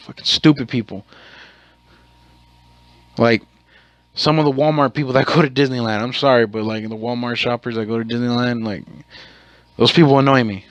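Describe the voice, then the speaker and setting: A man's voice: medium pitch, fairly bright tone, no echo. Rambling, cursing man telling a story. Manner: rambling, profane, self-correcting. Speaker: podcast host. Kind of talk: casual storytelling monologue.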